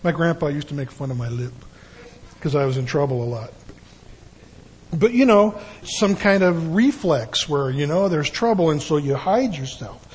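A man's voice: on the high side, expressive, normal speed, slightly rough, poor audio. An older man giving a folksy, conversational sermon with frequent asides. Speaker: preacher.

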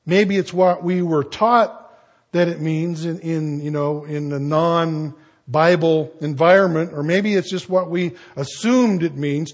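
A middle-aged pastor preaching a sermon, husky, emphatic, slowing down and rising on key words. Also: male voice, on the high side, darkish tone.

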